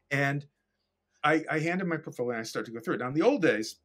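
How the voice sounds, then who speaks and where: A man's voice: a little high, very animated, moderate pace, a bit bright, faint music behind. A middle-aged man, a guest animator and director, telling an anecdote casually and animatedly, acting out scenes and swearing freely.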